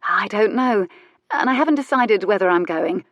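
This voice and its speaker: A woman's voice: mid-range voice, lively intonation, moderate pace, dry recording, highs cut off, lightly acted. A woman voicing a clever young lady companion with a wry, dry humour, in an audiobook character voice.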